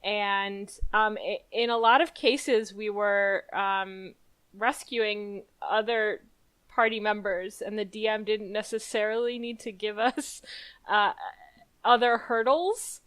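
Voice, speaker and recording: A woman's voice: medium pitch, steady tone, slow pace, a bit bright, clear, resonant tone. A woman in casual chat about her long-running game, talking with many ums and laughs. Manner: chatty, hesitant with many fillers, laughs easily. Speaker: podcast guest player.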